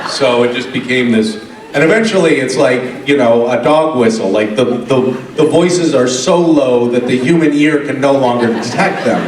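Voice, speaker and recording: A middle-aged man telling funny stories to a convention crowd, animated and often laughing. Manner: animated, laughing, drops into a deep gravelly put-on voice for quotes. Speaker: convention panel guest. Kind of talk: casual storytelling on stage. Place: convention hall stage. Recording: echoey hall, distant mic.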